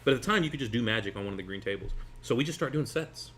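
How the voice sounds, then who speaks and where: A man in his forties, a magician guest telling a long story over a meal in an animated, rambling way with laughs between phrases. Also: medium pitch, rapid-fire, slight background noise. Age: 40s.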